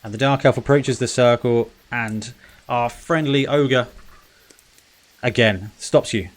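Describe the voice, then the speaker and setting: Casual male game master narrating. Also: medium pitch. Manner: brisk, casual narration with fillers.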